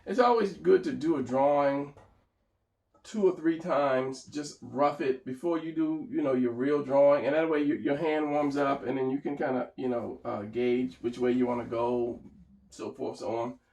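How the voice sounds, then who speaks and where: A man's voice: mid-range voice, steady tone, normal speed, creaky, darkish tone, reverberant, recorded from a distance, low-quality recording. A man thinking aloud as he talks through his drawing, casual and rambling. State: tired, hiccuping and yawning. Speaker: artist narrating a drawing session.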